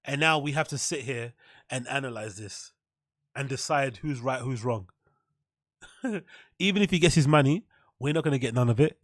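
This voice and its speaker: A man's voice: mid-range voice, moderate pace, pauses often, no echo, clean studio sound. A man hosting his own podcast, ranting sarcastically about a clip, blunt and swearing, often laughing. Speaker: podcast host. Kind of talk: casual rant reacting to a clip.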